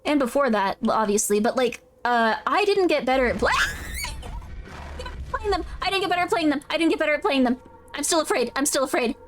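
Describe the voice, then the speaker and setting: Woman streamer, high voice, playful, chatty, casual gameplay talk. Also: expressive, quick pace.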